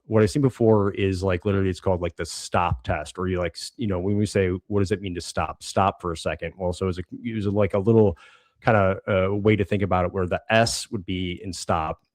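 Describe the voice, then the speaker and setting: Low-voiced man talking in halting restarts. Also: steady tone, a little mellow, no room sound. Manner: halting, many restarts and fillers. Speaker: podcast co-host. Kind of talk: casual conversational explanation.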